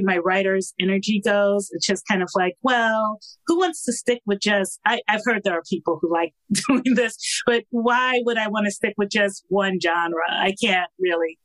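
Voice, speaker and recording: A woman's voice: medium pitch, steady tone, moderate pace, fairly bright tone, dry recording, low-quality recording. Chatty laughing woman author. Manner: chatty, laughing, many fillers. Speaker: romance author guest. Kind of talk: casual podcast interview.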